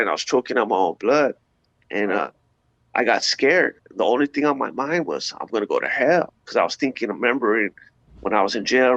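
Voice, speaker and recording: Gravelly man telling his story, lively pitch. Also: dry recording. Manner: animated storyteller, street slang, sound effects like "boom". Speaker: interview guest. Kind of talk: personal testimony in conversation. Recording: dull lo-fi dry sound.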